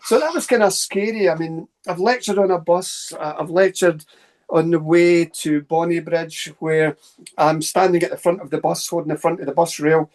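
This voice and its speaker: Fast-talking Scottish man telling stories. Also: fairly high pitch. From Scotland. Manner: fast, animated anecdotes with asides. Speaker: guest, paranormal researcher. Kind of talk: casual storytelling interview.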